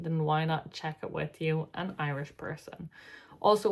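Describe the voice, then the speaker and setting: Woman, tired, somewhat low pitch, reading posts aloud, casual asides, sighs, chatty reaction host. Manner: chatty, sighing, breaks off to talk to her pet.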